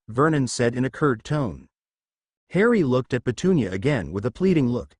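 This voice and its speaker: A man narrating a fan-fiction story with a dramatic, expressive delivery. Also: medium pitch, normal speed, dry recording.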